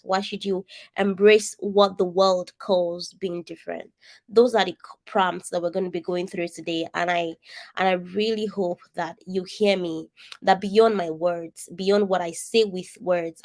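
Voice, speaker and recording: A Nigerian woman coach with an accent and a distinctive, somewhat nasal voice of fairly low, slightly mellow pitch leads an online session over video call. Her interactive coaching talk is earnest and emphatic, addressed straight to her listeners.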